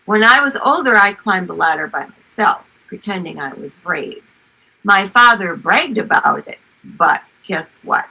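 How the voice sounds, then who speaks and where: An older woman, an author, reading aloud from her childhood memoir and chatting about it in an expressive storytelling manner. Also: medium pitch, low-quality recording. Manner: slow, expressive storytelling with animated exclamations.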